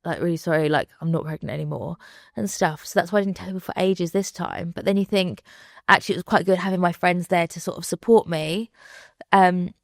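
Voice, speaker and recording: A woman's voice: fairly low pitch, fairly quick, vocal fry, dry recording, clean studio sound. A woman in her thirties, a podcast guest talking candidly and chattily, with lots of fillers, acting out what people said to her. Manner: chatty, lots of fillers, acts out quoted voices. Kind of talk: candid conversational chat.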